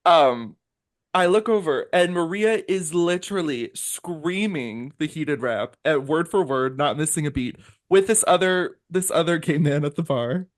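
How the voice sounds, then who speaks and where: A young man co-hosting a pop music podcast, telling a story in a lively, animated way with big swings in pitch. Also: a little slow. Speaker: podcast co-host. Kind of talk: casual chat.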